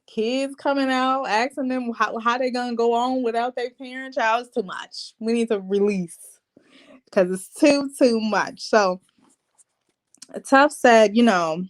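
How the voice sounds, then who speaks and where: A woman casually recapping a reality TV episode, chatty and animated, with slangy asides to her viewers and frequent laughs. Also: fairly high pitch, unhurried.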